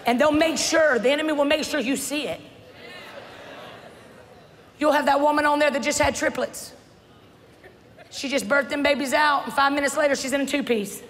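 High-voiced woman preaching loudly. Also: normal speed, pauses often, slight background noise. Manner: animated, humorous, shouting preacher. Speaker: pastor. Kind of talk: sermon. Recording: church hall reverb with faint crowd.

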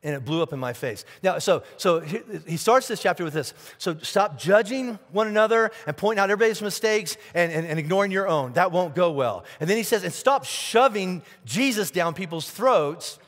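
Pastor guy preaching, high voice, lively, keeps asking questions and repeating himself, big echoey church. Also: a little fast, few pauses. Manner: animated, rhetorical questions and repeated words. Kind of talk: sermon. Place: church auditorium.

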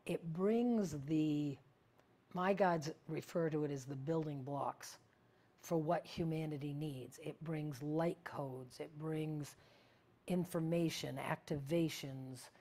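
A woman teaching spiritual practice in a casual, meandering way, often searching for words and sometimes dropping to a hush. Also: low-pitched, slow.

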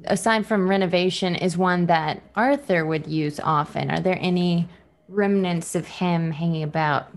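A woman's voice: lowish voice, moderate pace. A woman playing a tabletop game, asking short, direct questions about the scene. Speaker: player. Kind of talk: casual tabletop play.

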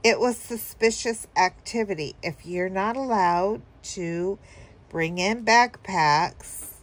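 A woman's voice: mid-range voice, slow. A woman telling a story casually to her viewers, rambling with fillers and chuckling now and then. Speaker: vlogger.

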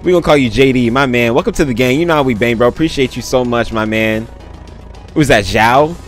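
A man's voice: medium pitch, fairly quick, faint music behind. A man live-streaming a driving game, chatting in a hyped, slangy way and thanking viewers often. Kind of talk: casual live-stream commentary.

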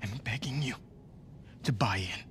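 An actor voicing a determined surgeon and father in a video game, speaking in a measured, persuasive way. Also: medium pitch, a bit bright, lightly acted. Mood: firm. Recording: game audio with background noise.

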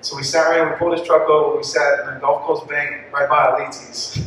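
A man's voice: on the high side, level tone, brisk, a bit bright, a little hiss or hum. A young-adult man tells a heartfelt personal story to a parish audience, talking casually with many likes and restarts. His voice rings through a very echoey hall, picked up from a distance. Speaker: parish speaker at a family catechesis talk. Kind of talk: personal testimony talk. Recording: echoey hall, mic far off.

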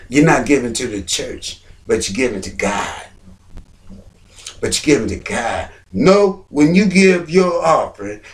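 A man preaching a sermon on giving, repeating phrases and climbing to near-shouts. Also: mid-range voice, recorded from a distance.

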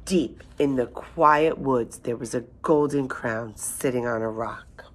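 A woman reads a children's picture book aloud, telling the story expressively. Her voice is extremely low in pitch and her pace is slow.

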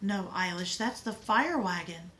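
A woman voicing a brave older sister who speaks calmly and reassuringly. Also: medium pitch, measured pace. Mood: urgent, soothing. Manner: calm and reassuring.

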